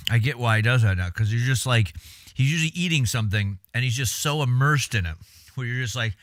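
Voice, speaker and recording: A man's voice: mid-range voice, a little fast, fairly bright tone, dry recording, studio quality. A man chatting casually on a livestream, laid-back and swearing freely while he eats.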